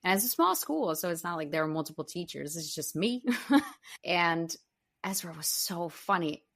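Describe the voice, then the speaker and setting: Lively young woman podcast host. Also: fairly low pitch, moderate pace. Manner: animated storyteller, laughs often, quotes kids in playful voices. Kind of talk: casual podcast interview.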